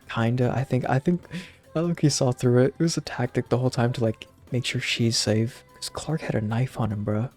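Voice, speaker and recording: A man's voice: medium pitch, a little mellow. A young man casually recapping a movie, rambling with lots of slang and fillers. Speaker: channel host.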